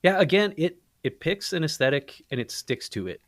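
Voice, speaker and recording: A man guesting on a podcast, chatting casually about a movie in a rambling way, with halting restarts. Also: fairly high pitch, expressive, dry recording, clean studio sound. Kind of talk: casual movie-review chat.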